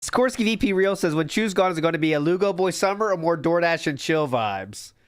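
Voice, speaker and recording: A high-pitched man with a lively, swooping voice trades sarcastic jabs as he co-hosts a casual livestream. The sound is dry and close. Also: fairly quick, clean tone, dry recording. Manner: teasing, sarcastic banter. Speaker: stream co-host.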